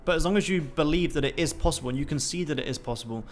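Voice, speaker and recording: A man's voice: fairly high pitch, very fast, a little hiss or hum. A young man hosting a trading livestream, talking casually and swearing constantly in a pumped-up, motivational way.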